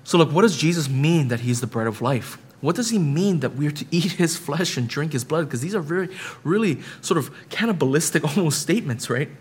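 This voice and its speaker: A man's voice: a little high, expressive, brisk, breathy edge. A man preaching a sermon as pastor, building emphatic repetitions and often checking in with the listeners with "right?".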